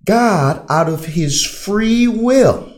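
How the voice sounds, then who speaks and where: A religion teacher with a high, animated voice speaks very slowly, teaching theology in classroom style. He poses rhetorical questions to his listeners and then answers them himself.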